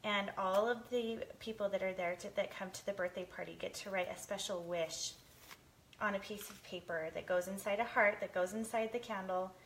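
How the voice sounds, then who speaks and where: A woman's voice: medium pitch, fairly even intonation, normal speed. A woman in her thirties hosts a casual live cooking show from a home kitchen, chatting to viewers and reading their comments aloud. She is teary from chopping onions and laughs often. A faint hiss sits under her voice. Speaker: lifestyle show host. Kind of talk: live cooking stream chat.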